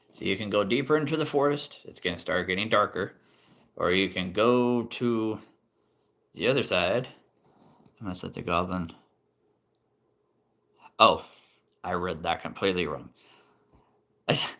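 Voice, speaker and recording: A man running a tabletop role-play game as game master, playful and quick to chuckle as he addresses his players. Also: sits low, bright, forceful tone.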